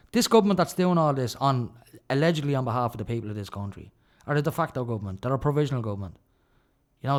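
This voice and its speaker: An Irish man hosting a radio show, delivering an indignant, ranting solo monologue with heavy emphasis. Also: mid-range voice.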